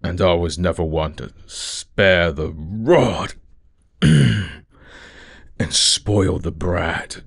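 A man's voice: low voice, drawn-out words, vocal fry, pauses often, slightly rough, no room sound. A young adult man performing an adult audio role-play, speaking close to the mic in a teasing, commanding murmur.

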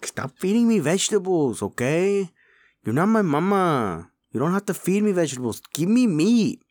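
A man's voice: medium pitch, lively intonation, takes it slowly. A man voicing a small, hungry male chupacabra who is cheeky and boastful, slipping Spanish words into his English. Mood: demanding. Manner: mixes Spanish words into English, whiny and pushy. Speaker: voice performer.

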